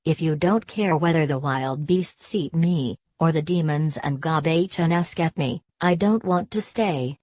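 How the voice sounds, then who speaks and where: A woman's voice: low-pitched, unhurried, few pauses, darkish tone, no echo. A woman voicing a cheerful, bossy young princess in a storybook reading. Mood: coaxing. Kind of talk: storybook character voice.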